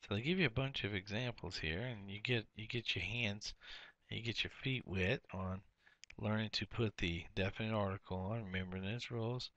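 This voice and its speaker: A man's voice: on the low side, normal speed, fairly bright tone, dry recording, dull audio. A man teaching a workbook lesson, explaining each step and repeating key words.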